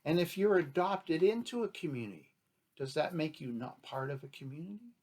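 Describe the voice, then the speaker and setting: A man with a fairly high, darkish, expressive voice speaks briskly. Talking off the cuff as a chief, he rambles and argues, asking rhetorical questions and acting out imagined exchanges in unscripted spoken commentary.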